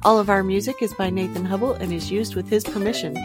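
A woman's voice: medium pitch, fast talker, over music. A woman host reading a scripted podcast introduction in a friendly, plain way.

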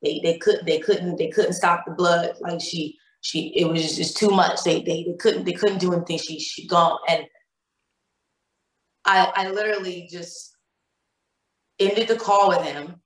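A woman's voice: lowish voice, fairly even intonation, measured pace. Woman telling an emotional story, echoey room. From Cleveland, Ohio. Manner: emotional retelling with many repeated words and quoted dialogue. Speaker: guest. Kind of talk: personal storytelling in a podcast interview.

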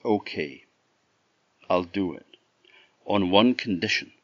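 A man's voice: low voice, animated, slow pace, no echo, lo-fi sound, exaggerated voice. A man voicing a young woman who is an enchanted swan, speaking in a pleading, insistent way.

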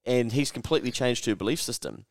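A man's voice: medium pitch, fast, no room sound, studio quality. A man co-hosting a casual podcast, swearing freely and telling stories with animation. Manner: swears a lot, animated storyteller. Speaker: podcast co-host.

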